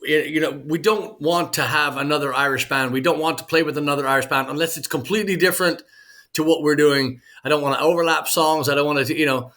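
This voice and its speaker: Man, bright tense voice, higher pitch, effusive casual chat, many restarts. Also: fairly even intonation, fast talker. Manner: effusive, full of restarts and praise. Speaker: band member and podcast co-host.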